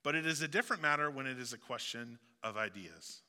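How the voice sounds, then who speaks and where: A man's voice: mid-range voice, lively intonation, fast talker, pushed and bright. A male pastor with a Southeast Missouri accent, preaching a sermon in a conversational way with joking asides. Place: church sanctuary. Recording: long hall reverb.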